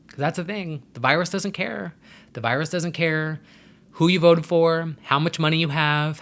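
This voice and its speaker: A man's voice: mid-range voice, fairly bright tone. A young man hosting his own vlog, talking in a rambling, chatty way with sassy slang. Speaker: vlogger host. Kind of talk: casual chat to camera.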